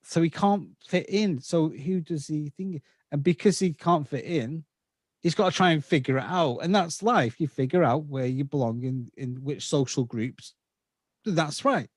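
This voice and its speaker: A podcast guest in his fifties from England, slightly Scouse in accent, speaks in a fairly high pitch at a moderate pace. His casual interview talk involves lengthy explanations and checks on whether his listener is following. The sound is dry and studio-clean.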